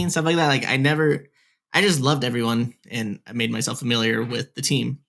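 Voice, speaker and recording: A young man tells a story on a gaming podcast, rambling and packed with "like" and "whatever." He talks into a headset mic, his voice sitting at an ordinary middle pitch. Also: moderate pace. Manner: rambling, heavy filler "like, whatever". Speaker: podcast co-host. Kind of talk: casual storytelling.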